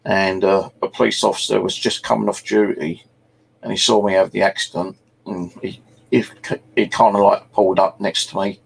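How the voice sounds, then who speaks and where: A man's voice: fairly low pitch, little pitch movement, normal speed, vocal fry, husky. A middle-aged man from England, telling rambling, sweary anecdotes as host of a casual chat. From South East England. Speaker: channel host.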